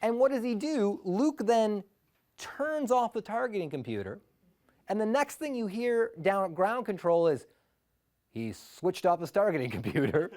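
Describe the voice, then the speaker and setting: Guy telling a funny story from his childhood, super lively pitch, keeps laughing and doing the voices. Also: normal speed. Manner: animated, laughing, acts out quotes. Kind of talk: live personal storytelling.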